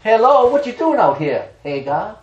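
A male preacher voicing the Lord as a gentle male figure who softly questions a runaway in a low, coaxing voice. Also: very animated, normal speed, far from the mic, muffled recording, heavy background noise. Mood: gently coaxing. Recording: roomy echo.

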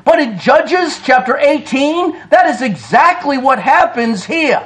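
A man's voice: very high-pitched, lively intonation, measured pace, fairly bright tone. A man preaching a sermon. He reads old-style scripture aloud with emphasis and addresses his listeners as folks.

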